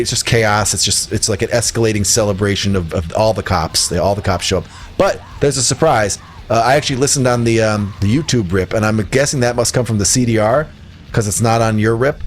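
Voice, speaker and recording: Rambling, jokey male podcast host. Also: medium pitch. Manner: rambling, jokey and animated, laughing at his own lines. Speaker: podcast co-host reviewing records. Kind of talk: casual chat.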